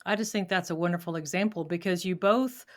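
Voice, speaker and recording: Measured woman hosting an interview. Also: lowish voice. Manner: reflective, measured, with thoughtful pauses. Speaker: podcast host. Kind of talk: conversational interview.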